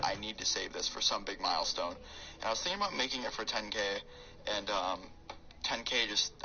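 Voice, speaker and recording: A man's voice: on the low side, muffled recording, slight background noise. Rambling young man telling a story. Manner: rambling, filler-heavy, excitable. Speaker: YouTuber storyteller. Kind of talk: casual storytime vlog.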